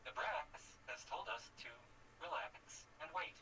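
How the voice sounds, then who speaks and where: Man, tabletop player, measured formal speech, off-mic, noisy background. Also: on the high side, animated, sharp tone, recorded from a distance. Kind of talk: casual tabletop role-play.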